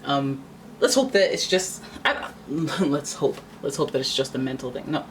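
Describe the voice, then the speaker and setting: A woman's voice: very deep voice, normal speed, a little hiss or hum, rough recording. A woman giving a casual tarot reading, chatty and dramatic, often acting out what people might say. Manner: chatty, dramatic, acts out quoted voices. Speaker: tarot reader.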